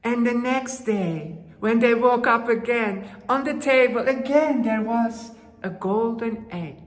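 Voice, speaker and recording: A woman telling a folktale to children, dramatic and slow, with gasps and hushed asides. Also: a little high. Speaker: storyteller. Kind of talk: children's storytelling. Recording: roomy hall with long reverb.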